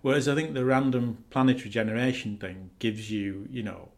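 A man co-hosting a podcast, dry and teasing, explaining his points with measured pauses. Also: mid-range voice, steady tone, creaky. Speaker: podcast co-host. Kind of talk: casual podcast chat.

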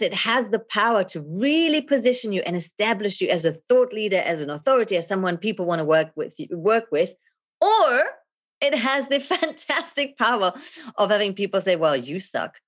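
A middle-aged woman who coaches video and leadership appears as a guest on a podcast interview. She speaks in a theatrical, animated manner and laughs often, and her pitch sits fairly low.

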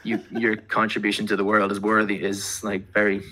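A man's voice: on the low side, monotone, a little fast, bright, forceful tone. A man speaking as a podcast guest in casual chat, rambling with lots of fillers and casual swearing.

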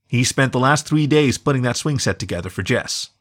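A man voicing a bright, teasing young mother dog. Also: mid-range voice, animated, fairly quick, natural voice. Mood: fond.

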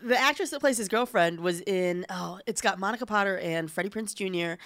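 Animated woman rambling on a podcast. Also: medium pitch, a little fast, no echo, clean studio sound. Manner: animated, rambling asides with many "like"s. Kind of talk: casual podcast chat.

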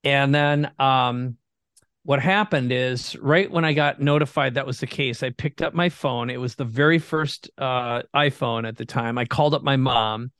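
A man from Minnesota telling his story as a guest entrepreneur in an earnest, animated way. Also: mid-range voice, moderate pace, no echo, clean studio sound. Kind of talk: conversational storytelling.

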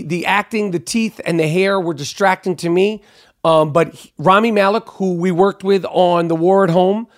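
A man's voice: high-pitched, no room sound, clean studio sound. A man giving blunt, brash award predictions in a casual monologue, full of fillers and emphatic repeats.

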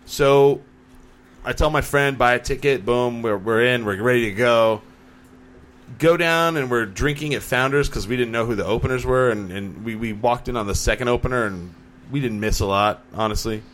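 This is a young man hosting a casual podcast chat. He tells his stories with energy and acts out what other people said. His voice sits at an ordinary pitch. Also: moderate pace. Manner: animated storyteller, acts out quotes. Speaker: podcast host.

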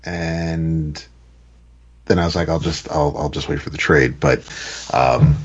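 On a podcast, a male co-host chats casually about comic books in an extremely low-pitched voice with a steady tone and measured pace. He's hesitant, uses lots of fillers, and trails off. The lo-fi audio sounds dull.

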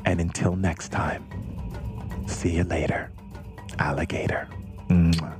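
Deep-voiced effusive spiritual podcast host. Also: male voice, flat delivery, music in the background. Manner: effusive, affectionate, drawn-out. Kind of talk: inspirational spiritual monologue.

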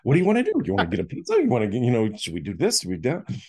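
A man voicing an excitable young male friend who repeats himself eagerly. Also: medium pitch, measured pace, voice pushed up. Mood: hyper.

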